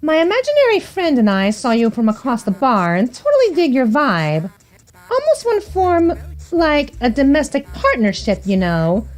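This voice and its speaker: A woman's voice: high-pitched, huge pitch swings, moderate pace. A woman voicing a quirky, manic young female hipster from a game, airy and flighty.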